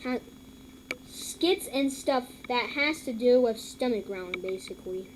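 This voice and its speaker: A woman hosting a casual reaction video, mocking what she watches, repeating herself and filling pauses with lots of ums. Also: fairly high pitch, expressive, low-quality recording. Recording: loud background noise.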